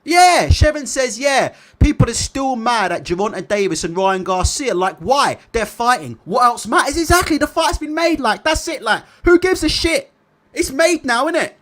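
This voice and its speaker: A man hosting a casual livestream, reading viewer comments aloud and chatting about them in an animated way. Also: extremely high pitch, moderate pace. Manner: animated, repeats tag questions. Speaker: boxing livestream host.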